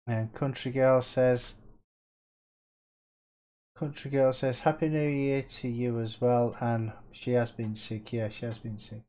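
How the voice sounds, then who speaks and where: A man's voice: mid-range voice, level tone, takes it slowly, pauses often, dark tone. A man with a Birmingham accent streaming a game live, chatting casually with viewers, reading their messages aloud and laughing often. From Birmingham, England.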